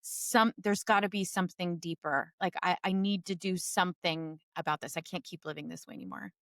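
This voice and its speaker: A woman hosting a podcast interview, gently prompting her guest with inviting questions. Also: fairly low pitch, steady tone, a little fast, dry recording, clean studio sound. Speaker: podcast host.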